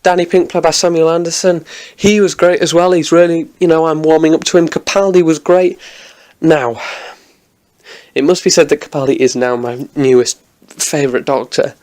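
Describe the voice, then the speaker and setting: Casual male vlogger, slightly high voice, eager and rambling review delivery. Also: level tone, normal speed, darkish tone. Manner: enthusiastic, rambling with many restarts. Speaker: TV episode reviewer.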